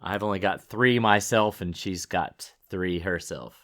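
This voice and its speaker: A man co-hosting a podcast in casual chat, relaxed and quick to laugh, with lots of fillers. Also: low-pitched. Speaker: podcast co-host.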